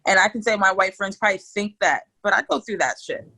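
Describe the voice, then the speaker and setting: A woman as a podcast guest, telling stories in a hyped, animated way, casual and swearing freely. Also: mid-range voice, fast talker, slightly rough, poor audio.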